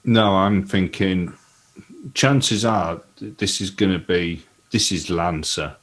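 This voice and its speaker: A man with a fairly low voice plays a tabletop game. He states his moves plainly and matter-of-factly. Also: takes it slowly, rough recording. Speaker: player.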